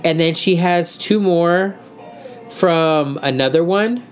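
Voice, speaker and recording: A woman's voice: lowish voice, slow. A woman co-hosting a casual podcast, chatty and rambling as she recaps news. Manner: chatty, rambling, many fillers. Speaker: co-host.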